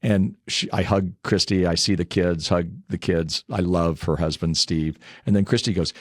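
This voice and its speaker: An older man with a low, deep voice, telling warm family anecdotes as an interview guest. His talk is chatty and rambling, with the odd laugh. The sound is dry and close, with no room echo. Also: fairly even intonation, moderate pace, few pauses. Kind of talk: casual interview storytelling.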